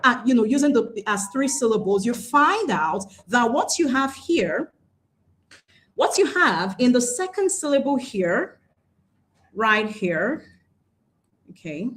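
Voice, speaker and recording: A woman's voice: on the high side, sing-song, a bit bright. Nigerian woman teaching English pronunciation. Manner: deliberate, repeats key words, slows to stress points. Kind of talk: classroom lesson.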